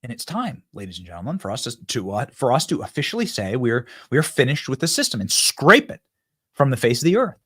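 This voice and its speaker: A man's voice: mid-range voice, sing-song, fairly quick, pushed and bright, slightly rough, no echo, studio quality. A man hosting a political commentary show, talking to viewers in an emphatic, fired-up monologue that often repeats itself. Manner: emphatic, repeats himself, addresses viewers directly.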